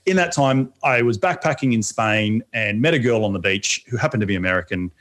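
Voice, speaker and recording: Fast-talking Australian man. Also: lowish voice, animated, a bit bright. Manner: rapid, repeats words at restarts. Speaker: guest. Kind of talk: conversational interview.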